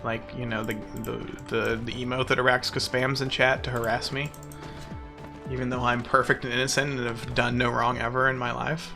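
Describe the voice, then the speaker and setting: A man's voice: mid-range voice, little pitch movement, moderate pace, vocal fry, over music. A man streaming a game live, chatting playfully with mock-boastful bragging and frequent laughter. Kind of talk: casual live-stream commentary while playing.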